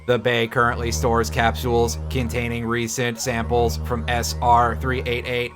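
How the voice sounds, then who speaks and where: Man reading as a monotone robot commander, deadpan, lowish, slowish, game music playing. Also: close to an everyday voice. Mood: flat orders. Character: flat male robotic ship computer commander.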